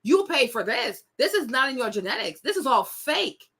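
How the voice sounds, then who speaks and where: Woman, gossip host, indignant and sassy, high-pitched, bright tone. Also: big pitch swings, normal speed, breathy edge. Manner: sassy, indignant, talks straight to viewers. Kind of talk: casual celebrity gossip commentary.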